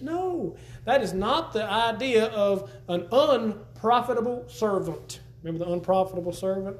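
Man preaching in church, high voice, folksy, emphatic, echo from the room. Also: expressive, normal speed. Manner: folksy and emphatic, repeats words while teaching. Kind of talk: sermon.

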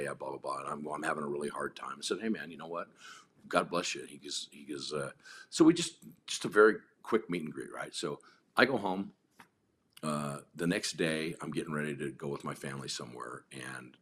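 A man speaks in a deep, slightly husky voice. He tells his story in a blunt, profane way, with plenty of restarts. He plays out each exchange with rising force. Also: fairly bright tone. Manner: blunt, profane, acts out quotes with rising intensity. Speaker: podcast guest. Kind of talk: storytelling in casual interview.

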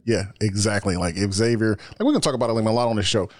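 A man's voice: lowish voice, fast, a little hiss or hum. A man co-hosting a casual podcast, telling stories loosely with lots of fillers. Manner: loose storytelling with many "like" fillers. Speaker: podcast co-host. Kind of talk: casual chat.

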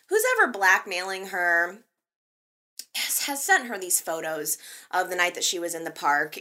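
A woman hosting a soap opera recap show, talking in an excitable, gushing fan manner with many fillers. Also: medium pitch. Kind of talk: casual recap commentary.

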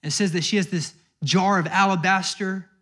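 A high-pitched man preaches a sermon in a chatty, storytelling way. He slips into little acted-out voices for the people in his stories. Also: steady tone, moderate pace, bright, forceful tone. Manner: conversational storytelling with acted quotes. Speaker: pastor.

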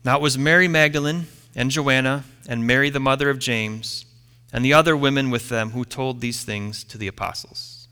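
A man preaching a sermon, retelling a story with dramatic pauses and letting line ends fall quiet. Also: mid-range voice, steady tone, clear, resonant tone, in a large hall. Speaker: pastor.

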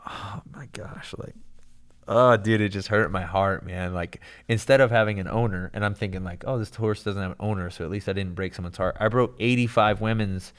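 A man telling a long story in casual chat, animated and rambling, full of "dude" and "like". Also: lowish voice, fairly quick, few pauses, clear, resonant tone.

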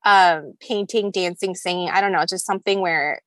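A woman's voice: fairly low pitch, normal speed, fairly bright tone, no echo. A young woman guest on a podcast, talking in a girly valley-girl way with lots of "like" and "you know". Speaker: guest, skincare founder. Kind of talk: casual podcast interview.

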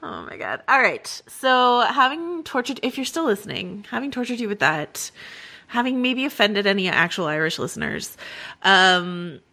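A woman's voice: medium pitch, animated, moderate pace, pushed and bright. A woman hosting a podcast, chatting in a playful, self-mocking way and laughing with her co-host. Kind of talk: casual podcast chat.

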